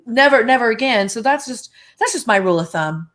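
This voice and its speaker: A woman guest on a live-stream chat, telling stories in a lively, chatty way and acting out the voices in them. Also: on the high side, brisk. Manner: animated storyteller, acts out quoted dialogue. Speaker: guest medium.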